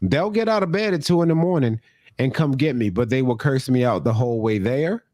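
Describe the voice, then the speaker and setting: A young man co-hosts a comedy podcast in a loose, swearing, joking way, now and then launching into mock rants. His voice sits at an ordinary middle pitch. The studio mic sounds close and dry. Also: animated, fairly quick, dry recording. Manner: profane, joking, slips into loud mock rants. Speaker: podcast co-host. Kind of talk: casual comedic chat.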